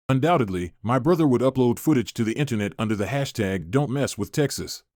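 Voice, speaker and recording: A man narrating a first-person story in a scripted, even reading voice. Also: medium pitch, dry recording, clean studio sound.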